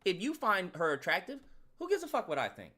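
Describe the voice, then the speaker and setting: Slangy, animated male commentator. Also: high-pitched, a little fast. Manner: slangy, laughing, rhetorical questions. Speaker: YouTube commentator. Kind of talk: casual comedic commentary.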